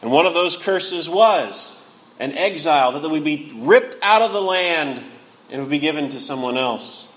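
A man preaching a sermon, earnestly rising to anguished cries and then dropping low and quiet. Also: lively intonation, moderate pace, rough recording. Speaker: pastor.

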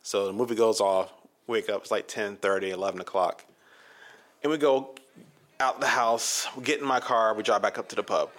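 Animated, swearing male storyteller. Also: lowish voice, normal speed. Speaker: podcast co-host. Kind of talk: casual storytelling chat.

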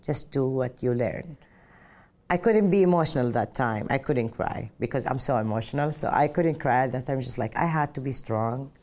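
A middle-aged woman speaks in an unusually deep, dark and mellow voice. She is a pilot recounting her path in an interview. Her delivery is earnest and reflective, with frequent "just like" fillers. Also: lively intonation, brisk, hardly any pauses. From Saudi Arabia. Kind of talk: personal interview storytelling.

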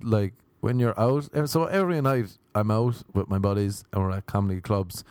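Irish male comedian-host, low register, rambling sardonic rants, dry sound. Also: moderate pace, few pauses, a little mellow, no echo. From Ireland. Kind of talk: casual podcast chat.

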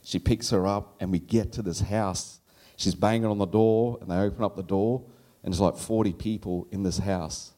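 A man with a fairly low voice tells a true story from his own life to a live audience. He is from Australia, speaks casually, and keeps laughing along the way. When he quotes the child he once was, his voice shoots up high. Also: steady tone, moderate pace, dark tone. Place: live event stage.

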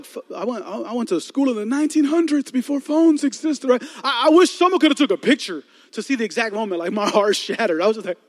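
A man's voice: very high voice, big-room sound. A young man from the Chicago area telling a personal story to a youth audience as a sermon, acting out voices and often repeating words. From Chicago area, United States. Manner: animated, acts out voices in his stories, stammers and repeats words.

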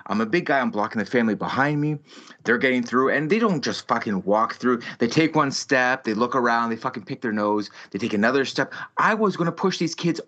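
A man's voice: mid-range voice, animated, brisk, fairly bright tone. A man in his thirties hosting a podcast, telling a story in casual chat with heavy swearing and exaggerated ranting. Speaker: podcast host. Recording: slightly muffled lo-fi audio.

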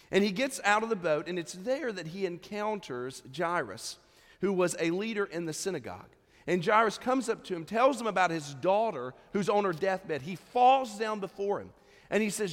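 A man delivers a sermon from the pulpit, easing into his message with a relaxed, conversational story. His voice sits fairly high for a man. The sound carries the long reverb of a large church sanctuary. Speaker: pastor.

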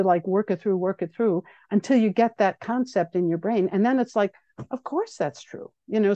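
A woman giving an earnest, measured personal account in a radio interview, often thinking aloud with fillers. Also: lowish voice, mellow, dry recording, highs cut off. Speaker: guest speaking about her activism.

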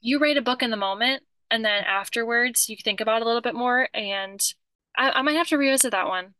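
A woman's voice: on the high side, quick pace, pushed and bright, no echo. A woman co-hosting a podcast in casual chat, talkative and often restarting her sentences. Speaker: podcast co-host.

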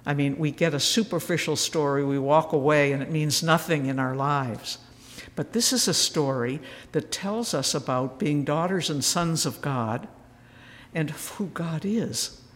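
Woman telling stories at a retreat, reverberant hall. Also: low-pitched. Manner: storytelling, acting out quoted voices, dropping to a whisper. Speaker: retreat speaker. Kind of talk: spiritual retreat talk.

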